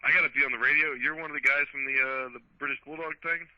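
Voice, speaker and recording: A man co-hosts a casual talk radio show, talking very fast in a blunt, profane way. His voice sounds dry and close, with dull lo-fi sound. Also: medium pitch, steady tone, no room sound. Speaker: radio co-host.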